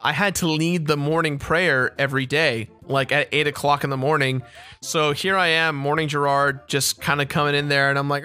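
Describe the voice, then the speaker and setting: A man's voice: a little high, fairly quick, pushed and bright, clear, resonant tone, faint music behind. A man in his twenties, a let's play host, casually telling a story with lots of laughing and swearing. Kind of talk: casual storytelling over gameplay.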